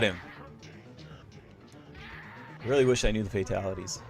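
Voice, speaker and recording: A man's voice: on the low side, a little slow, vocal fry, long pauses. A man streaming a fighting game from a small office corner, swearing, yelping and laughing as he plays, with game music behind him. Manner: profane trash talk, frequent yelps and laughter. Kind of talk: live gameplay commentary.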